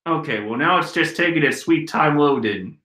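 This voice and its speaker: A man's voice: on the high side, expressive, normal speed, pushed and bright. A man casually reading a comic aloud and chatting, with a giggly manner, at home. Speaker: manga reading channel host. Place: room at home. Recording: roomy echo.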